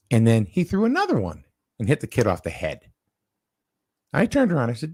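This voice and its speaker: A man casually chatting and telling a story with lively energy, acting out the people in it. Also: mid-range voice, a little fast, pauses often, slightly rough, dry recording, studio quality. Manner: animated storyteller, acts out quoted people loudly.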